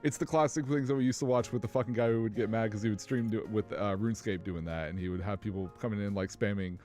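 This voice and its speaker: A man's voice: on the low side, quick pace, a little mellow, soft background music. A man co-hosting a casual gaming chat, rambling and swearing as he searches for words. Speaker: podcast co-host.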